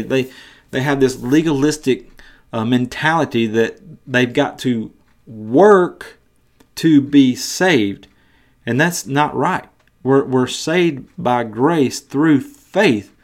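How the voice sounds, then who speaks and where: Male podcast Bible teacher, earnest, mid pitch, frequent restarts.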